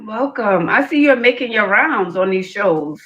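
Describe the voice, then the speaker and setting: A woman hosts a dating show, asking pointed questions in a calm, level way and pressing for logic. Her voice is bright and a little tense, heard through dull, lo-fi stream audio. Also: mid-range voice, measured pace. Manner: calm, probing, pushes for logic. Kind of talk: questioning a caller on a live show.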